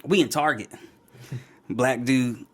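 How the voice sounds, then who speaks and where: Young man, co-host, casual chat, animated storyteller, laughs often, mid-pitched. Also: slow, breathy edge. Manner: animated storyteller who acts out quoted people, laughs often. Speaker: podcast co-host.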